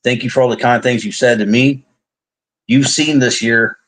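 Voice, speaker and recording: A man's voice: medium pitch, steady tone, moderate pace, fairly bright tone, rough recording. A man hosting a live faith testimony stream, talking in an earnest, rambling way with frequent restarts and light jokes. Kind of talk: casual heartfelt live chat. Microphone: online live stream.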